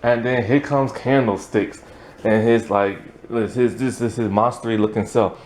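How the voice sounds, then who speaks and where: This male reviewer speaks at normal speed with a medium, steady, slightly mellow voice, with a bit of background noise. He loosely rambles through a film's story, saying "like" and "um" a lot and laughing frequently.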